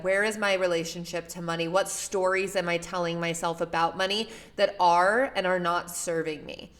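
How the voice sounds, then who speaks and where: A woman talking casually and earnestly to her listeners, coaching them with questions. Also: fairly low pitch. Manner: earnest and emotional, warm toward her father. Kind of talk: casual solo talk to listeners.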